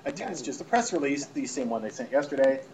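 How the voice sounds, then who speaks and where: A man's voice: mid-range voice, very animated, quick pace, crowd noise, rough recording. A man hosting a radio show, sarcastically reading out press releases to a live audience and mocking them. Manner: sarcastic, mocking, breaks into laughter. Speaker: radio host. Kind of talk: comedic live show talk, reading emails aloud.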